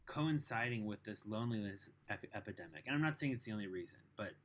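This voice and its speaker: A man's voice: fairly low pitch, lively intonation, fast, a little hiss or hum. A man co-hosting a podcast, talking in thoughtful, wry casual chat. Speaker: podcast co-host.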